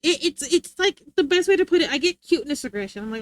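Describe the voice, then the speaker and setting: A woman's voice: high voice, lively intonation, fast, no room sound. A young woman livestreamer chatting casually with her viewers, rambling and often giggling.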